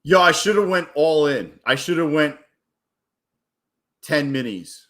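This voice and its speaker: Excitable man with a bright voice. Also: fairly high pitch, unhurried. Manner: excitable, profane, hypes up his wins; rambling and casual. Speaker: day trader streaming live. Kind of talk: live stream chat.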